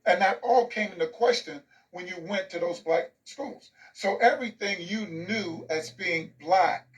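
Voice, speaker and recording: A man's voice: sits high, a little slow, recorded from a distance, low-quality recording. A man in his sixties, an author telling stories in an interview, emphatic and fond of rhythmic lists. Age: 60s. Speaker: author and guest. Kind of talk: interview storytelling.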